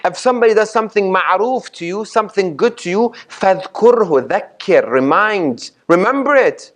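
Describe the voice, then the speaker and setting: A sheikh delivers a Ramadan lecture in a community mosque hall with a high-pitched, slightly bright voice, lively intonation and a fairly quick pace. He hammers and repeats his points, poses questions to listeners, and quotes Arabic sayings before unpacking them.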